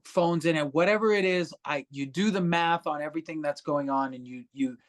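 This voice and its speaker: A fairly quick talker with a voice on the high side, this musician guest spins animated, casual stories on a podcast. He swears freely and imitates the voices of the people in them.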